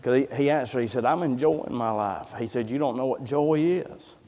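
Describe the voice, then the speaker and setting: A man tells a long sermon story in a folksy, drawn-out way, putting on the voices of the people he quotes. His mid-pitched voice carries a long reverb, as though it fills a big church hall. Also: mellow. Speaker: preacher.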